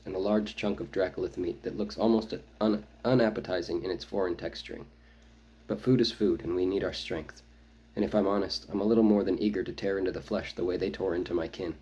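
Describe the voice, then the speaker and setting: A man reading his own novel aloud, first-person audiobook narration with a measured, brooding delivery. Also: fairly low pitch, warm tone, husky, low-quality recording.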